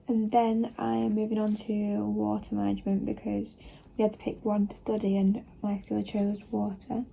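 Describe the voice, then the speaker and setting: A teenage girl vlogs from her bedroom in a study-with-me video, chatting casually and rambling with plenty of fillers. Her voice is fairly high, gravelly, and mellow, and the home video recording is noisy.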